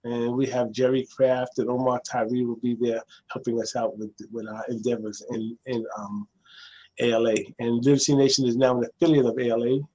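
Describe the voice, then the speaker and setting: A middle-aged man, a librarian guest, telling stories in a lively conversational way and acting out the voices of people he quotes. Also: brisk, low-quality recording. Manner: acts out quoted voices, jumping much higher. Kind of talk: animated storytelling in conversation.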